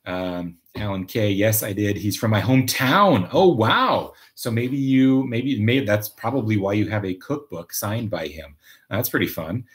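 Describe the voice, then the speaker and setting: A man's voice: on the low side, lively intonation, unhurried. A man from Minnesota, casually hosting a live stream, chatting and reading viewer comments with lots of fillers and restarts. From Minnesota, USA. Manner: rambling, many fillers and restarts. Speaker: livestream host.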